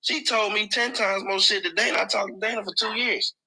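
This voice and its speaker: A man's voice: sits high, steady tone, brisk, vocal fry, bright, forceful tone, husky, rough recording. A man in a heated casual call, answering defensively and with profanity.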